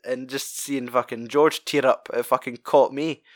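A man's voice: mid-range voice, fairly even intonation, unhurried, dry recording, clean studio sound. A man chatting casually about a film, rambling, swearing freely and laughing often.

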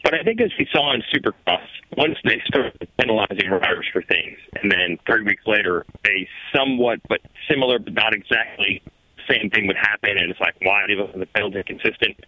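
A man's voice: lowish voice, a little fast, dry recording. A man co-hosting a casual chat who teases and needles the others, heard over a dull lo-fi remote line. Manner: teasing, animated, needling.

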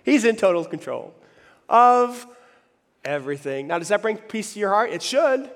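A pastor preaching a lively sermon, acting out the voices he quotes. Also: sits high, moderate pace. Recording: long hall reverb.

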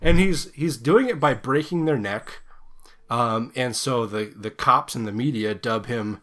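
Recapping a horror movie on a podcast, a male co-host rambles, laughs, and tosses out crude jokes in loose conversation. He speaks at a measured pace in a mid-range, fairly bright voice.

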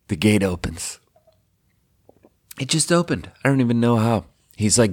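A man's voice: lowish voice, moderate pace, long pauses, darkish tone. A man telling a long personal story in a casual, rambling way, swearing often and using lots of fillers. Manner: rambling and profane, heavy with fillers.

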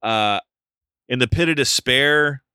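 A man's voice: mid-range voice, takes it slowly, sharp tone, clear, resonant tone, no room sound, clean studio sound. A man co-hosting a podcast, casually recapping a film's plot with joking asides. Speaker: podcast co-host. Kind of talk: casual movie review chat.

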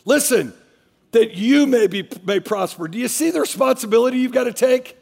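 A man's voice: very high-pitched, lively intonation, moderate pace, gravelly, darkish tone, long reverb tail. A man preaching a sermon as a pastor, emphatic, repeating his phrases as he drives each point home.

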